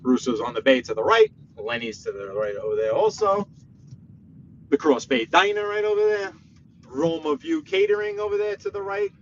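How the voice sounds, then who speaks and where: A man with a New York accent talks loosely to his live-stream viewers from behind the wheel, and his pitch swings widely as he reacts. The sound is a bit dull and lo-fi, with faint road hum behind him. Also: normal speed. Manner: chatty, reads chat aloud, animated outbursts. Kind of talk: casual live-stream chat while driving. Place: inside a car.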